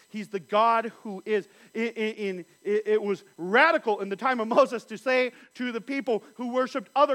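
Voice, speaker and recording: A man preaching a sermon, swinging from loud emphasis to hushed near-whispers, often repeating and restarting words as he thinks aloud. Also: very high voice. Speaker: pastor.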